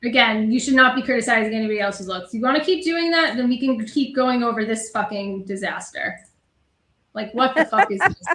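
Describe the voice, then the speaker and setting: Woman, stream host, scornful taunting, swearing, higher voice, roomy echo. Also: animated, a little fast, fairly bright tone. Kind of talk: heated casual commentary.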